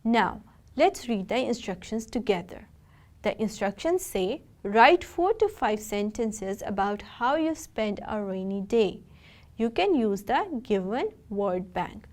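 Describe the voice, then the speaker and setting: A woman teacher, giving a recorded video lesson. She speaks patiently and directly to her students and spells out words slowly. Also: mid-range voice, animated, darkish tone.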